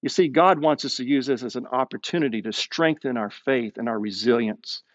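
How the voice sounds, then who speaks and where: A man's voice: dry recording, dull audio. Male pastor preaching a dramatic sermon. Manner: expressive preaching, slows down and drops low for emphasis. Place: streamed sermon with online chat.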